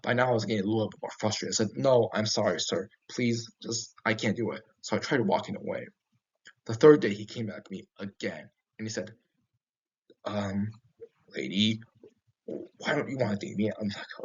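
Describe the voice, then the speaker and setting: Husky man telling a scary story. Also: on the low side. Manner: halting, with frequent restarts and fillers. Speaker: horror story narrator. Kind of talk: first-person storytelling. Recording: dull lo-fi recording.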